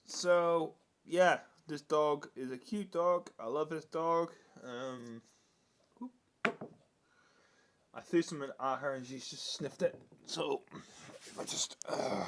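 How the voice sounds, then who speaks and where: A young man, chatting in a casual vlog, rambling with many restarts and scolding and cooing at his dog. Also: mid-range voice. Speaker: vlogger.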